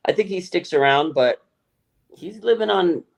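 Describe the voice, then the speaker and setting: A man co-hosting a podcast, chatting in a lively, casual way, swearing freely and acting out other people's voices. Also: high-pitched, moderate pace, gravelly. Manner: animated, swears freely, acts out quoted voices. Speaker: podcast co-host. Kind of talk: casual sports chat.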